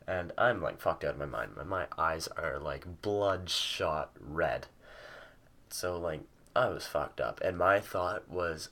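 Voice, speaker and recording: Deep-voiced teenage guy, casual vlog storyteller, rambly and sweary, lots of fillers. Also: measured pace, a bit bright. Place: at home with a cat nearby.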